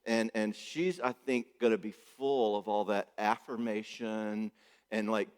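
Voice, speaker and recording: Joking man in an echoey hall. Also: lowish voice. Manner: joking, conversational, keeps checking in with "okay?". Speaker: marriage therapist speaking at a conference. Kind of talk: conference talk. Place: church hall.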